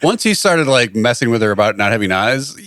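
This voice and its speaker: Laughing, self-mocking male co-host, middle-aged, bright edge, dead-dry studio sound. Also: mid-range voice, expressive, brisk, clear, resonant tone, dry recording. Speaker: podcast co-host. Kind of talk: casual chat.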